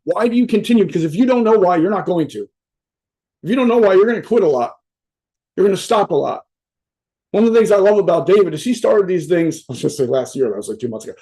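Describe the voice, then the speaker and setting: A man's voice: high-pitched, mellow. A man giving a casual, profane motivational talk to a virtual summit over a video call. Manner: blunt, profane, conversational. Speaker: motivational speaker.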